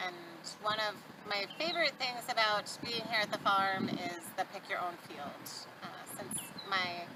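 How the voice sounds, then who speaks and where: A middle-aged woman teaches a mindfulness practice in a calm, gentle way, at a moderate everyday pitch. She is recorded outdoors, and birdsong and distant traffic come through clearly behind her voice. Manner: gentle, calm guiding with soft fillers. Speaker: mindfulness instructor and yoga teacher. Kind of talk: guided mindfulness lesson. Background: birdsong, distant traffic and farm sounds.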